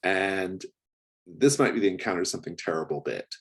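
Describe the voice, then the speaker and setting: A man's voice: low-pitched, animated, normal speed, fairly bright tone, husky. A man narrating as game master of a tabletop game, describing scenes in a hesitant way with many fillers.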